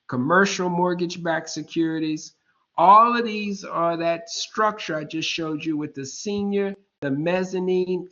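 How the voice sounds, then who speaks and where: This lecturer, a man in his fifties, gives an online class at a slow, unhurried pace, explaining each point deliberately and often checking in with "all right?" while tossing in informal, joking asides. His voice is a little high and a bit bright. The audio sounds dull and lo-fi, like it came through a computer mic.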